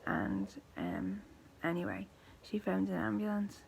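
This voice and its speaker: A woman in her thirties with a weak, thin voice, telling her own story to camera in slow, halting speech that often fades to a breathy near-whisper. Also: fairly low pitch, very animated, darkish tone, a little hiss or hum, poor audio. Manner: halting, slow speech with pauses, restarts and fillers. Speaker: vlogger.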